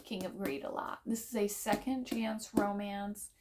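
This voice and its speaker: A woman's voice: medium pitch, fairly even intonation, a little slow, darkish tone, a little hiss or hum. A young woman chatting casually to camera about books she wants to read, playful and self-deprecating. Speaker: book vlogger. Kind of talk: casual to-camera book chat.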